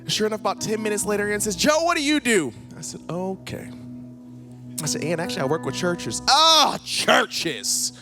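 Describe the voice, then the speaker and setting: A man's voice: high-pitched, normal speed, music in the background. A young man preaching in a church, telling personal stories and acting out the dialogue in them. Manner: animated, acts out dialogue in his stories. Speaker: guest speaker. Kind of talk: storytelling sermon. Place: church stage.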